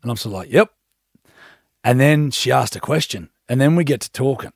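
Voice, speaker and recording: A man's voice: mid-range voice, a little fast, vocal fry, slightly rough, no echo, clean studio sound. A man, co-hosting a casual radio show and teasing his co-host with frequent laughter. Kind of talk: casual breakfast radio banter.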